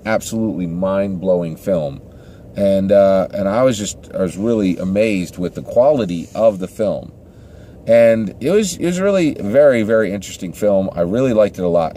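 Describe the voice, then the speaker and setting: A man's voice: lowish voice, mellow, a little hiss or hum. Rambling man reviewing a film. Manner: rambling, restarts sentences, keeps asking "right?". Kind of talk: casual spoken movie review.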